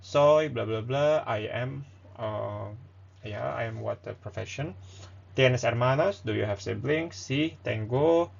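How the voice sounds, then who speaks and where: A man's voice: medium pitch, a little slow, vocal fry, dull audio. A man who is not a native speaker, teaching a casual online language lesson with many hesitations and fillers. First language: not Spanish or English.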